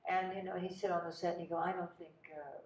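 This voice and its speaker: An older actress telling animated stories about her career in a casual interview. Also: on the low side, racing. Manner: animated, breathless anecdotes with laughs. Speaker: guest actress. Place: cinema. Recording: roomy, distant, dull sound.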